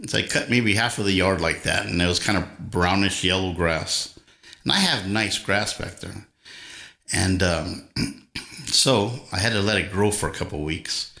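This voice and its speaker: Older male streamer, gravelly folksy storyteller, echoey room with guitar behind. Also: lowish voice, measured pace, bright, forceful tone. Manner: folksy storyteller, rambling anecdotes. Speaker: livestream host and guitarist. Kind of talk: casual livestream chat.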